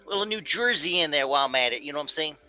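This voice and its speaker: A man hosting a talk show, easygoing and quick to laugh in casual chat. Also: mid-range voice, steady tone, bright, forceful tone, soft background music.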